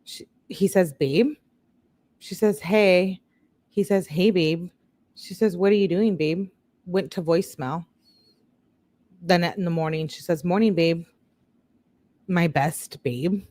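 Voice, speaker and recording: A woman with a somewhat low voice reads text messages aloud in a relaxed, conversational way. She keeps breaking off to react and talk straight to her viewers, like a chatty true-crime host. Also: slow pace, long pauses, no room sound. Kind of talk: casual commentary reading text messages aloud.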